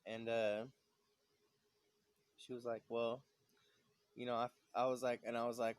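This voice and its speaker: A man's voice: mid-range voice, little pitch movement, a little fast, dry recording. A man vlogging a casual, rambling rant about work, full of fillers and swearing. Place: San Diego.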